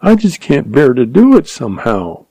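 A man's voice: medium pitch, huge pitch swings, normal speed, warm tone, slightly rough, no echo, voice pushed up, exaggerated voice. A man voicing a timid, sorrowful eighteen-year-old girl who speaks on the verge of tears.

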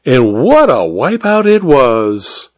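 Casting: man doing a raspy, mocking woman murderer, slow and gloating, dry close sound. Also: medium pitch, no room sound. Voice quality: slightly raspy. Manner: calm, mocking, smug. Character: cold, gloating woman killer.

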